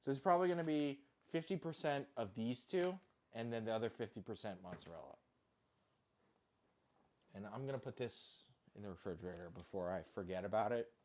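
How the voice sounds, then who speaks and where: A man's voice: fairly low pitch, brisk, darkish tone, a little hiss or hum. A man chatting casually while cooking at home, rambling and self-deprecating, swearing now and then. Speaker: home cook vlogger. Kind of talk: casual kitchen chat.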